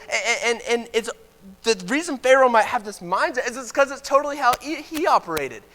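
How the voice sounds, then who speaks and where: Male preacher, high voice, casual sermon with jokey asides, long church reverb. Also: lively intonation, brisk, bright, forceful tone. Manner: informal, joking asides. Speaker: preacher teaching a Bible class. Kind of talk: conversational sermon. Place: church auditorium.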